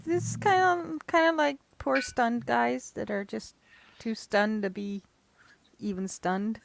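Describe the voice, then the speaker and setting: Slow, hesitant woman in casual chat. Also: a little high, vocal fry, slight background noise. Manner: hesitant, restarts often.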